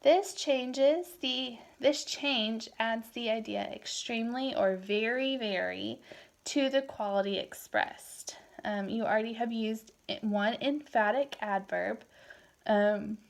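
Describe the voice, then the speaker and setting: A Spanish teacher in her thirties gives a recorded language lecture, switching easily between English and Spanish. Her slightly high voice sounds tired, with vocal fry and a slow pace, and she yawns while talking in a loose, chatty way.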